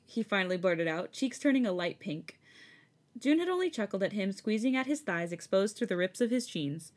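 A woman's voice: medium pitch, expressive, normal speed. Giggly woman reading fan fiction aloud. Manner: chatty, giggly asides. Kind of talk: casual story reading.

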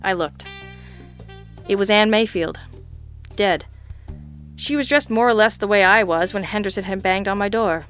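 A woman's voice: mid-range voice, normal speed, pauses often, fairly bright tone, smooth, soft background music. A woman narrating a first-person hard-boiled detective story in a wry, sardonic, teasing manner. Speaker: audiobook narrator.

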